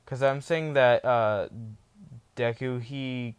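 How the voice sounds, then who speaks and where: A man's voice: medium pitch, fairly even intonation, takes it slowly, clear, resonant tone. A man casually narrating a fan-made story, rambling, with many fillers and restarts.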